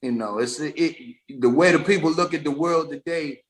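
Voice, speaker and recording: A man's voice: a little high, normal speed. A man from DC, telling stories as a guest in a laid-back, rambling podcast conversation. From Washington DC. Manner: laid-back, rambling storytelling with frequent restarts. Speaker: guest rapper.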